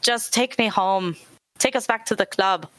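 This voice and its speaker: A woman's voice: mid-range voice, a little slow, a bit bright, no echo, rough recording. Blunt, defiant woman player. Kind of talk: playing a tabletop role-playing game. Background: background music.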